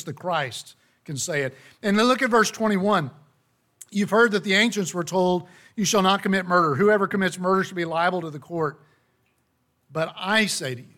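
High-voiced man preaching a sermon. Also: a bit bright. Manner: emphatic, slows down on key phrases, rhetorical questions.

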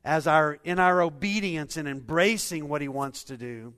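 A man's voice: a little high, moderate pace, a bit bright, clean tone. Earnest male preacher in a reverberant hall. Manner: earnest, asks the listeners rhetorical questions. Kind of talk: sermon.

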